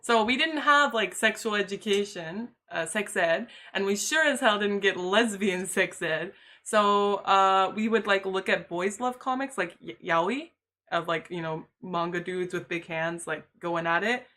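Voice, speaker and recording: A woman's voice: medium pitch, a little slow, sharp tone. A young woman livestreaming, talking candidly and casually, laughing often and swearing freely.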